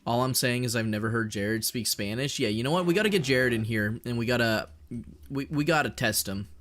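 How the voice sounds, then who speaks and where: A young Canadian man streaming, chatting casually with his chat in a fairly monotone voice, swearing and joking as he rambles. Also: medium pitch, a little fast. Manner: rambling, profane, jokey, reads and answers chat.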